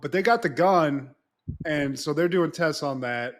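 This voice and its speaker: A man co-hosts a casual podcast and retells a TV episode with lots of energy. His voice sits fairly high for a man, and he swears freely. He keeps dropping into quick impressions of the characters as he talks. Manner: animated, swearing, acts out characters' lines. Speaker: podcast co-host. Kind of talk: casual chat recapping a TV episode.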